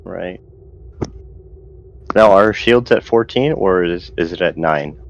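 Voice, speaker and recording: A man with a very deep voice playing a sci-fi tabletop game. He talks very slowly and hesitantly, with fillers between his words while he picks his move. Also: gravelly, lo-fi sound. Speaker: player.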